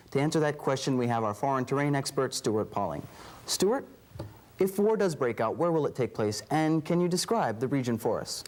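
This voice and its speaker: An actor plays a serious male TV news anchor in a parody broadcast. He speaks in a formal newscaster manner at an ordinary pitch. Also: lightly acted.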